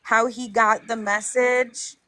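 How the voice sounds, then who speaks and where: A woman co-hosting a live show, talking in a relaxed way and laughing easily. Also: a little high, takes it slowly, dry recording. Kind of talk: casual livestream chat.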